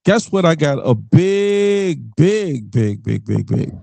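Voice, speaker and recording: A man's voice: fairly high pitch, takes it slowly, gravelly, no room sound. A middle-aged man from the Richmond, Virginia area hosting a podcast, ranting bluntly and profanely in a casual monologue. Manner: blunt, profane, animated rants with laughs. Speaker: podcast host.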